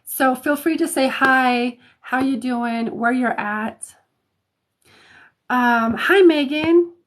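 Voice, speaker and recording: A high-voiced woman from Colorado hosts a casual live stream, greeting viewers one by one. She talks slowly, laughs often and trips over her words with ums and restarts, speaking into a phone or webcam mic indoors. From Colorado, United States. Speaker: intuitive reader, live stream host.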